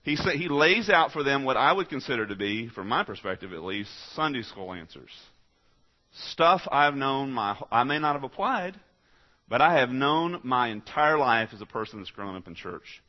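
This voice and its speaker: A man preaching a folksy sermon in a mid-range voice, dropping to quiet asides and then rising to loud, emphatic exhortation. The recording sounds a little dull and lo-fi. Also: medium pitch, lively intonation, moderate pace. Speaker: pastor.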